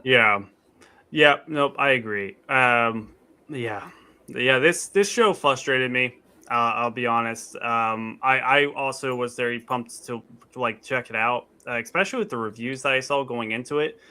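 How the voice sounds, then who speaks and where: A man's voice: mid-range voice, measured pace, sharp tone, clear, resonant tone. A man hosting a podcast, chatting casually about a show with a hesitant, easygoing manner. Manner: hesitant, many "uh" and "yeah", easygoing. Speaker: podcast host. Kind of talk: casual chat.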